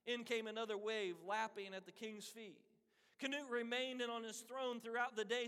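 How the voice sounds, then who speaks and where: The pastor's voice is very high, smooth and fairly bright, with a steady tone at normal speed. He preaches earnestly, telling a story and acting out the quoted voices of its characters, all with a long hall reverb.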